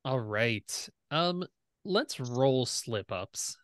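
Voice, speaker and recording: A young man running a tabletop game, explaining rules in a relaxed way with fillers. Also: mid-range voice, drawn-out words, no room sound, clean studio sound. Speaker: game master.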